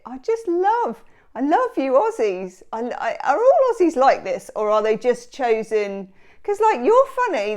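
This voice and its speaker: A woman's voice: fairly high pitch, a little mellow. A woman giving a tarot reading in a chatty, rambling, enthusiastic way. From England. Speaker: tarot reader. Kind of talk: casual tarot reading chat.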